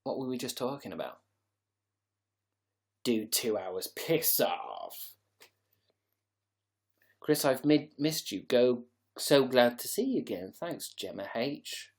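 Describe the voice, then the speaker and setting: A man's voice: medium pitch, sing-song, takes it slowly, long pauses. A man hosting a casual livestream, chatting to viewers in a rambling, sarcastic, sweary way. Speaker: livestream host.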